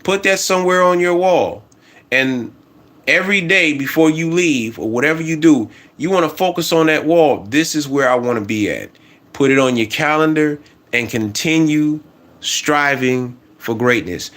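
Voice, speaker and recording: A man of ordinary pitch gives a casual motivational talk, circling back to the same encouraging affirmations again and again. He speaks earnestly and directly to the listener, often from his home washroom. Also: moderate pace, a bit bright. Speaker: motivational vlogger.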